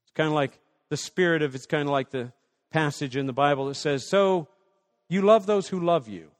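Male pastor with a high voice, passionate sermon delivery, long church-hall reverb. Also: normal speed. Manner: passionate preaching with acted-out prayers and dialogue.

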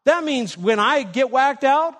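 A man's voice: very high-pitched, expressive, a little slow, a bit bright, big-room sound. A man preaching a sermon as a pastor, emphatic and firing rhetorical questions at the congregation.

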